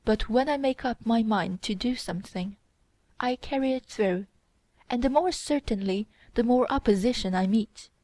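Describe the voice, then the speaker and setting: A woman's voice: on the high side, moderate pace, warm tone, no room sound, natural voice. A woman voicing a cold, contemptuous young woman in an audiobook, speaking in a commanding way. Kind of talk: audiobook character reading.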